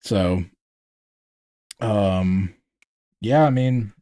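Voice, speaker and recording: Relaxed North Georgia podcast host man. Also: on the low side, very slow, clean tone. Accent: North Georgia Southern. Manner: relaxed, rambling with fillers. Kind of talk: casual chat.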